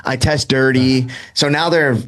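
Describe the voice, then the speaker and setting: A man in his thirties from Southern California recounts his recovery in a loose, self-deprecating, filler-laden way, acting out bits of conversation. His mid-range voice is a bit bright and fairly even in intonation, and his pace is a little slow.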